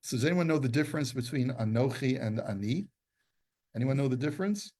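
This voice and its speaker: A man at mid pitch leads a classroom lesson on scripture. He explains point by point, reads out Hebrew passages and stops to quiz his listeners. His tone is that of a teacher walking a group through a text. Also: lively intonation, a little fast, a little mellow. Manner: explanatory, quizzes the class, quotes Hebrew texts. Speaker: Torah teacher.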